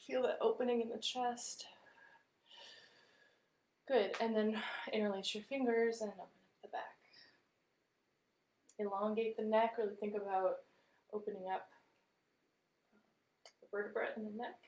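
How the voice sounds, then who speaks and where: A woman vocal coach leading a live-streamed warm-up with gentle, encouraging instructions. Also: mid-range voice, steady tone, unhurried, long pauses, roomy sound, poor audio.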